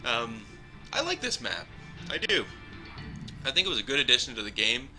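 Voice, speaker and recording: A man talking through his own gameplay in a loose, rambling way, chuckling now and then and leaning on filler words. His voice is sharp and bright at an everyday pitch. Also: sing-song, moderate pace, soft background music. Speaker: gameplay commentator. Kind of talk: casual live gameplay commentary.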